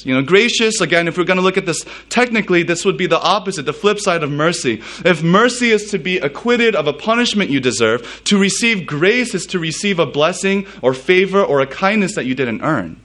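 A man's voice: on the high side, expressive, fairly quick, a bit bright. A man from the United States, a pastor giving a sermon in a casual storytelling way, full of fillers and laughs.

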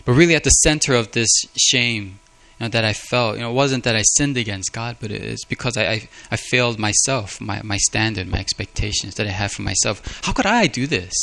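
A man's voice: lowish voice, fairly even intonation, fairly quick, gravelly, few pauses, sharp tone. A man preaching a sermon in an earnest, confessional way, often repeating words as he speaks. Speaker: pastor.

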